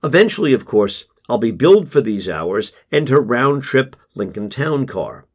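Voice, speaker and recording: A man narrating a first-person memoir in a measured, restrained way. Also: medium pitch, big pitch swings. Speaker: audiobook narrator.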